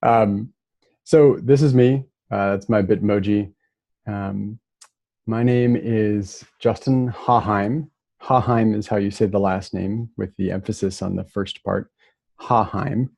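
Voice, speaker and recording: Low gravelly man giving a casual lecture. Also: a little slow, dry recording. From Minnesota. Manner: relaxed, many fillers and restarts.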